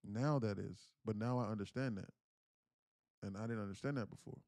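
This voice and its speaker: A man's voice: on the low side, a little fast, a little mellow, no room sound. A man around thirty, a livestream host, earnestly telling a personal family story and often repeating his phrases. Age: 30s. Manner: earnest, candid, repeats himself while recounting. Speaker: day trading livestream host.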